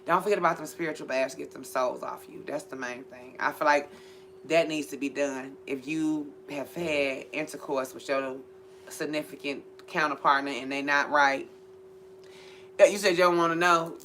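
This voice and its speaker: Brief: bright-toned woman spiritual reader, blunt and profane, animated, with faint background noise. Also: rumbling low, moderate pace. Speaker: spiritual reader and channel host. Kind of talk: casual spiritual chat.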